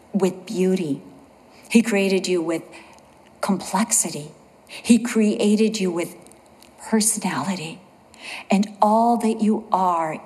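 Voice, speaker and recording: A woman preaching a sermon, telling stories earnestly and slowing down with a lower voice to stress her points. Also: a little mellow, big-room sound, low-quality recording. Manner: earnest storytelling, slows and drops low for emphasis.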